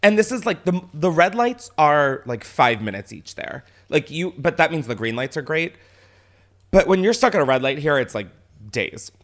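A man on a podcast with a lively voice that swings up and down, telling a story with plenty of swearing and laughter. His voice sits a little higher than most men's. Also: normal speed. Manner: animated, swears often, laughs while telling. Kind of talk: casual storytelling chat.

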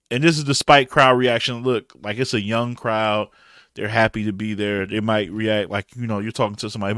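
Middle-aged Detroit man, low-pitched, dry recording; loose slangy battle rap reviewer. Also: a bit bright, dry recording. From Detroit, USA. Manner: loose, rambling, slangy, frequent fillers. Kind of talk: casual recap monologue.

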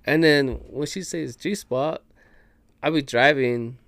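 Slow, slangy man telling a story. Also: medium pitch, a bit bright, dry recording. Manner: loose, profane, laughs mid-story, slangy. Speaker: podcast guest. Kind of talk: casual storytelling chat.

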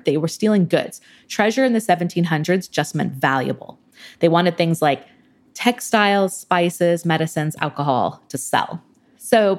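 Low-voiced woman explaining pirate history. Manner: casual, fluent, frequent ums. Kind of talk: conversational expert explanation.

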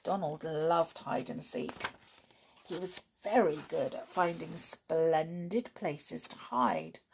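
A woman reading a children's story aloud, in an expressive, unhurried way. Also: on the low side, gravelly, slight background noise.

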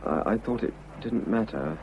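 Radio drama lead: a man playing a sincere, stammering married man, low voice, lo-fi old broadcast sound. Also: expressive, a little hiss or hum, lightly acted. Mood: earnest pleading. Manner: earnest, halting, pleading. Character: Arthur, unhappily married man confessing love. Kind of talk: vintage radio drama acting. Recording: dull lo-fi old radio recording.

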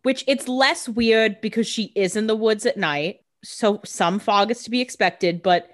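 A woman's voice: mid-range voice, a little slow, fairly bright tone. A woman co-hosting a podcast, chatting casually about a TV episode, often restarting and repeating words. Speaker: podcast co-host. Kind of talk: casual TV episode recap chat.

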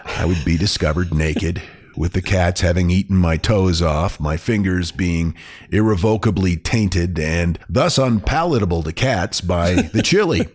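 A man's voice: sits low, a little slow, darkish tone. A man hosting a podcast, reading a listener's funny email aloud with amusement and often breaking into laughter. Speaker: podcast host.

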